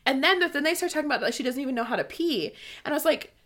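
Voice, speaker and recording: A woman's voice: high voice, animated, rapid-fire, fairly bright tone. A young woman co-hosting a casual book discussion, bubbly and laughing often as she reads passages aloud. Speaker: podcast co-host.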